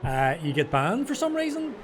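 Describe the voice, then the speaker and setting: A man's voice: high voice, huge pitch swings, normal speed, background noise. An older man doing casual, self-deprecating banter while commentating a sim race.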